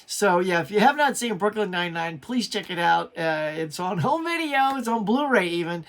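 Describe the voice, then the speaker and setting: A man's voice: high-pitched, animated, moderate pace, fairly bright tone. A middle-aged man hosting his pop culture channel, talking in a chatty, enthusiastic way with frequent restarts. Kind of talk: casual video review.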